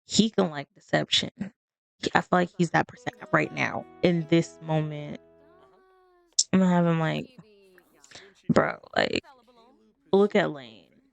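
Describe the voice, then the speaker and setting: A woman's voice: deep voice, fairly even intonation, normal speed, gravelly, faint music behind. A woman casually commenting on her life-sim game as she plays, rambling and laughing between remarks. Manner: chatty, rambling, laughing asides. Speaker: let's play streamer.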